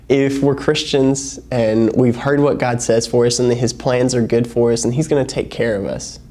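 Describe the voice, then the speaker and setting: A young man preaching to a youth group in a casual, storytelling way, acting out the people in his stories. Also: medium pitch. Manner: casual, animated storytelling with acted-out quotes. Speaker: youth pastor. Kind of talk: sermon.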